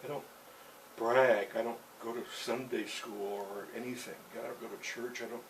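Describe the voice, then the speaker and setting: A man's voice: medium pitch, fairly even intonation, normal speed, distant mic, slight background noise, poor audio. A man recounting a personal story in a loose, rambling way, with plenty of "you know" and little chuckles. He sits some way from the mic. A faint buzz of insects hangs behind him.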